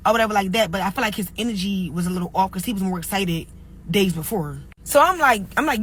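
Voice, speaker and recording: A woman's voice: medium pitch, fairly quick, slight background noise, poor audio. A young woman, a single mother, telling a story casually and filling her talk with "like" and "or whatever". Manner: chatty, lots of "like" and "or whatever". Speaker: storyteller in a clip.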